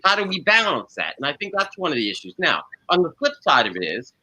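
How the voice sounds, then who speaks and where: A man's voice: fairly high pitch, huge pitch swings, fast talker, pushed and bright, low-quality recording. A man hosting a panel discussion, probing the guests and restating their positions. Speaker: panel show host.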